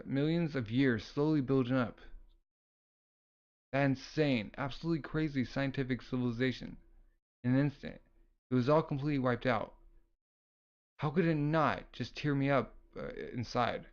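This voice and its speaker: A man reading the lines of an excitable, emotional young boy from a comic, in a near-plain voice. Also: mid-range voice, lo-fi sound, lightly acted.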